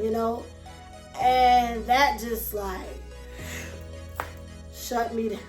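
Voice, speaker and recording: A woman, telling her story to camera in an animated way and acting out her old thoughts with swearing. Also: on the high side, drawn-out words, long pauses. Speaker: vlogger and self-published author. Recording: echoey room with music playing behind.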